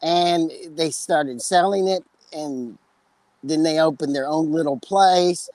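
A man's voice: fairly high pitch, takes it slowly, darkish tone, dry recording, poor audio. A man with a West Texas accent, chatting casually as a podcast co-host and telling long, joking stories. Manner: rambling storyteller, joking. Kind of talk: casual chat.

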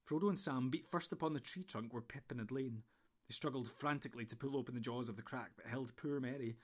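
Guy reading a fantasy audiobook, even measured voice, mid pitch. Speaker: audiobook narrator. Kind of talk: scripted storybook narration.

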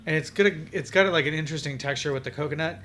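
A man's voice: fairly high pitch, racing, pushed and bright, a little hiss or hum. A young man co-hosting a podcast, chatting casually in a sassy, profane, teasing way. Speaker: podcast co-host. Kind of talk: casual chat.

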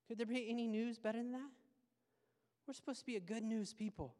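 A man preaching a sermon as a pastor, animated and conversational, with playful asides. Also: very high voice, fairly quick, pauses often, big-room sound.

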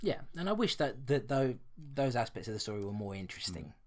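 A man's voice: mid-range voice, very animated, fast talker, a little mellow. A man, co-hosting a podcast, talking through a horror film in a chatty, hesitant way with many restarts. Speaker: podcast co-host. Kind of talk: casual film review chat.

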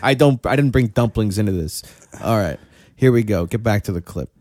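A man's voice: lowish voice, expressive, brisk, darkish tone, dry recording, clean studio sound. A man hosting a casual podcast, narrating a video clip with playful, wry commentary.

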